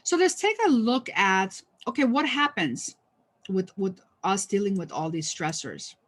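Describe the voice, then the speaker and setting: A woman presents a training session in a loose, conversational way. She talks at a middle pitch, full of ums, uhs and restarts, and drops in the odd light joke. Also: animated, unhurried, fairly bright tone. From United States. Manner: conversational, many fillers and restarts; lightly humorous. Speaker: workshop trainer.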